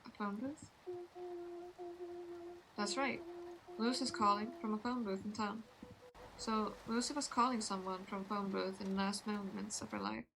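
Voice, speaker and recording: Gravelly woman streamer reading game dialogue. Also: mid-range voice, steady tone, noisy background. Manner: reads each character's lines in turn, often slow and deliberate. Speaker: VTuber streamer. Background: game music.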